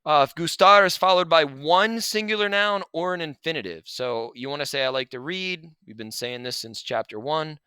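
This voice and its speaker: Bright, crisp-voiced male teacher. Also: on the high side, moderate pace, hardly any pauses, dry recording. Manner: relaxed, chatty explaining with asides. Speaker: Spanish teacher. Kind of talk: recorded lesson over slides.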